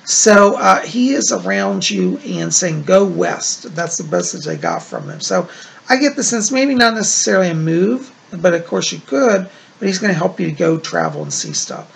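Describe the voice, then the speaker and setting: A man's voice: high voice, huge pitch swings, normal speed, vocal fry, fairly bright tone. A man hosting a psychic show, reading viewer letters in a casual, reassuring, chatty way. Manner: chatty and reassuring, with frequent "like" and "you know". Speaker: psychic medium host.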